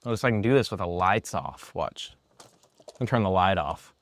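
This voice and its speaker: A man presenting an app in a product demo, talking excitedly and a bit sarcastically in an indoor room. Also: low-pitched, fairly quick.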